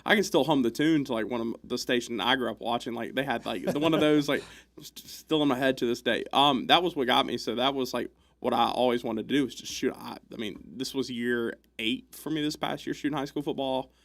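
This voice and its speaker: Gravelly young male news anchor. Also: mid-range voice, fairly quick, fairly bright tone. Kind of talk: casual interview chat.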